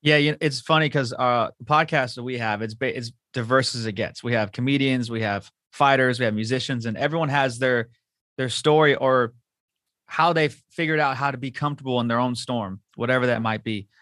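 A man's voice: medium pitch, brisk, a bit bright, no echo. Man, podcast host, casual enthusiastic talk, dry close sound. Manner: casual, enthusiastic, loose phrasing. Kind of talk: podcast interview.

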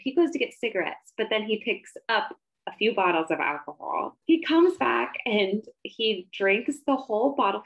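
A woman co-hosts a relaxed book podcast, and her voice carries a gravelly fry. The recording sounds dull and lo-fi. She talks in an animated, emphatic way that rises steeply when she is worked up. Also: on the high side. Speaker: podcast co-host. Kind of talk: casual book-discussion chat.

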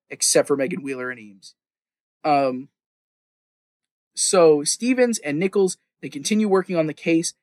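A man's voice: fairly high pitch, darkish tone, dry recording. A man hosting a casual podcast, recapping a TV series in a rambling, profane, enthusiastic way with many fillers. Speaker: podcast host recapping a TV show.

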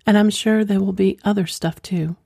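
A woman's voice: medium pitch, fairly even intonation, moderate pace, gravelly, mellow, slightly rough, no echo, clean studio sound. A woman reading aloud the lines of a confident woman friend, in an everyday voice, in a story.

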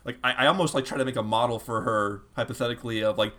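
A young man co-hosting a podcast, telling a long story in casual chat, animated, with lots of fillers and acted-out quotes. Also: mid-range voice, fast, hardly any pauses.

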